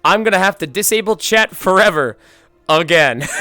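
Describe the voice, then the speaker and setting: A man streaming live, chatting casually and excitedly to his viewers before a roleplay. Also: high-pitched, measured pace, dry recording. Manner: excitable, loose and chatty with swearing. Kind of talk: casual livestream chat.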